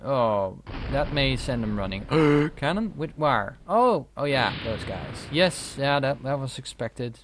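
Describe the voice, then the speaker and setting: A man's voice: medium pitch, animated, slow pace, few pauses, background noise. A man giving casual, wry commentary while playing a strategy game, swearing now and then. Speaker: let's play host. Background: keyboard and mouse clicks.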